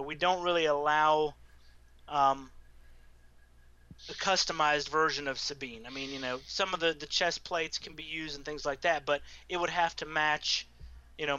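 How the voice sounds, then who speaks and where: A man's voice: on the high side, sharp tone, smooth, no room sound, dull audio. A man with a Southern US accent, chatting casually in a panel discussion and often restarting his sentences. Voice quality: hesitant, many restarts.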